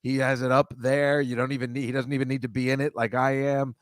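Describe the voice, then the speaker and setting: A man's voice: medium pitch, flat delivery, fast talker, no echo, clean studio sound. Chatty middle-aged male podcast host. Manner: chatty, rambling, jokey asides to the chat. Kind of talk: casual livestream chat with viewers.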